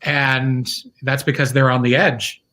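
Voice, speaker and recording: At home with his dogs, a man who runs a small business joins a video podcast for a casual chat. He speaks a little slowly in a mid-range voice, sounding relaxed and conversational and breaking into frequent laughter.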